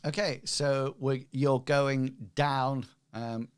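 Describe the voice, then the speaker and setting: A man narrating as game master, slow and hesitant with many pauses. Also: medium pitch, steady tone, smooth.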